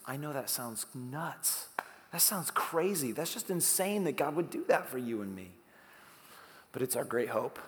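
Man, pastor, sermon, conversational, rhetorical questions, hushed to emphatic, mid-pitched voice, long hall reverb.

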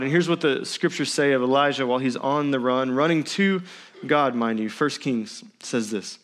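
A man preaching a sermon as pastor in a church, swinging between loud emphatic lines and hushed near-whispers. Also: mid-range voice, normal speed.

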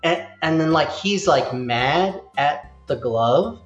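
With a slightly high voice and a slow pace, this man hosts a relaxed chat, rambling and animated and acting out quotes along the way. The audio is roomy and a bit dull, with music faintly audible.

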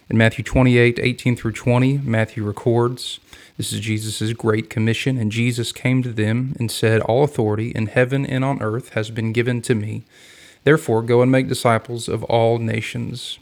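Earnest man teaching the Bible, flat voice. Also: mid-range voice. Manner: measured, earnest reading with quoted scripture. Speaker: podcast host and Bible teacher. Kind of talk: scripted devotional Bible teaching.

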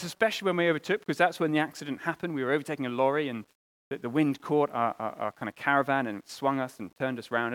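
A man delivers a sermon with a voice pitched a little high. He talks earnestly, restarting phrases and repeating words, and moves between raised, emphatic appeals and soft, hushed asides. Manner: earnest, with pauses and repeated words, rising and falling between loud and quiet. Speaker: preacher.

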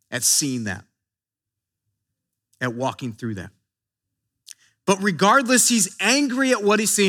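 A man's voice: sits high, sharp tone. A man preaching a sermon in an earnest way, often repeating words as he builds emphasis. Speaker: pastor.

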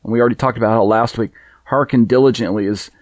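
A man's voice: on the low side, level tone, racing, no room sound. A man teaching a scripture study, reading verses aloud and Hebrew passages in a conversational way with fillers. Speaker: Bible teacher.

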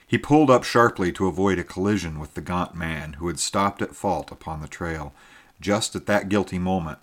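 A man narrating an adventure story in a measured, expressive reading style. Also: low voice. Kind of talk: scripted audiobook narration.

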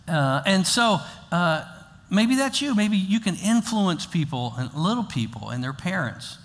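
An older man preaching from the pulpit, his voice a little higher than most men's. He moves between easy, conversational teaching and emphatic, repeated exhortations. His voice rings out with the long reverb of a church sanctuary. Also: big pitch swings, measured pace. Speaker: pastor. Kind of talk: sermon.

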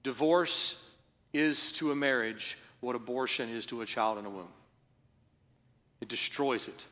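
A middle-aged man preaching a sermon as pastor, earnest and rising to forceful emphasis. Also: medium pitch, long reverb tail. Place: church sanctuary.

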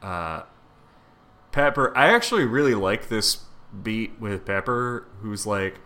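A man's voice: on the low side, takes it slowly, bright, forceful tone. A man co-hosting a casual podcast, recapping a story in a laid-back way with casual swearing. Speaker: podcast co-host. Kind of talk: casual chat, recapping a comic.

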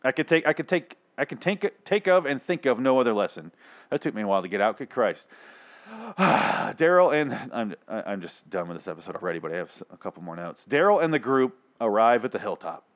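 A man's voice: medium pitch, very animated, a little fast. A man hosting his own show, reviewing a TV episode in an angry, sarcastic rant full of swearing. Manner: heavy swearing, exasperated and sarcastic.

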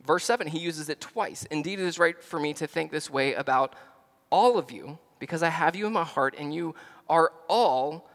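A man from the American South with a Southern accent, preaching a sermon as pastor, stressing words loudly, dropping to quiet asides, and often restarting phrases. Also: a little high, moderate pace, long reverb tail. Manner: emphatic, swings between loud stresses and quiet asides.

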